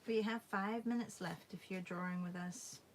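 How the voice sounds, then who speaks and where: A woman hosting a live drawing class, chatting softly and musing while she draws, often dropping into a half-whisper. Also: mid-range voice, steady tone, moderate pace, a little hiss or hum, rough recording. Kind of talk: casual chat while drawing.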